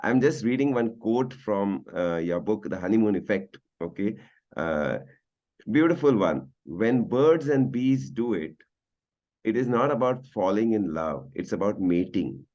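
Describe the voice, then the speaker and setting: Male interviewer, low and hesitant, slightly lo-fi audio. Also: expressive, unhurried, a little mellow. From India. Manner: hesitant, many fillers. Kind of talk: interview questions.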